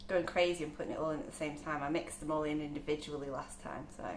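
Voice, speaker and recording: A woman's voice: low voice, fairly even intonation, quick pace, noisy background. A woman demonstrating cake decorating in a live kitchen session, chatting as she measures and mixes colours. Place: large echoey kitchen. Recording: echoey kitchen.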